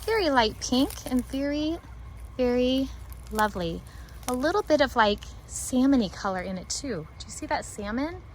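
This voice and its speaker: Excitable higher-voiced woman rambling through a garden tour, faint outdoor hum behind. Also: moderate pace. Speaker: homesteading garden vlogger. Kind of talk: casual walking garden tour.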